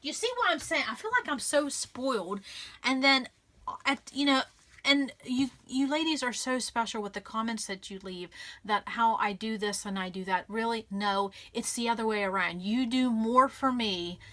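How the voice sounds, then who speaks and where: A woman's voice: fairly high pitch, normal speed, bright, forceful tone. A woman hosting a casual scrapbooking vlog, gushing and grateful, chatting with lots of fillers and restarts. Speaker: scrapbooking channel host. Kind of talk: casual crafting vlog chat.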